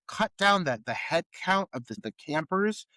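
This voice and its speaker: A man on a podcast tears into a film in casual review chat, his high voice swinging widely as he fires off exasperated rhetorical questions. He swears freely. The recording is close and dry. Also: expressive, moderate pace, pushed and bright, no echo, rough recording. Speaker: podcast co-host.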